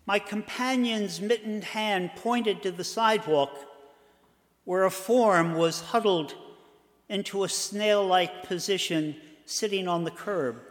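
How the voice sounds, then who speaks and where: Slow, high-voiced older male storyteller. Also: fairly bright tone. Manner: measured, dramatic pauses. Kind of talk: told personal story. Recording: long hall reverb.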